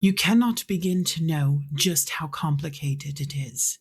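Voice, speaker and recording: Woman voicing a strict noble mother, clipped and commanding, lowish voice, tabletop game. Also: animated, measured pace, husky, exaggerated voice. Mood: stern. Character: stern, tense noble mother, middle-aged woman.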